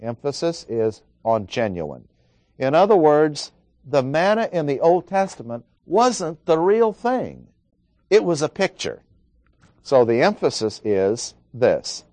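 A man's voice: fairly high pitch, sing-song, takes it slowly, a little mellow, dry recording. A man preaching an expository Bible lesson, working through numbered points and reading scripture aloud.

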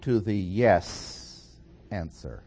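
A man teaching a sermon in a slow, deliberate, emphatic way with pauses. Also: sits low, lively intonation, mellow, slightly rough. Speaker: preacher.

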